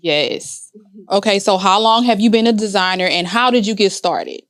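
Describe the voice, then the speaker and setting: A woman hosts a casual podcast, her voice smooth and resonant, sitting close and dry on the mic. She is upbeat and teasing as she asks questions. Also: medium pitch, normal speed, no room sound. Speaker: podcast co-host. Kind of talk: casual chat.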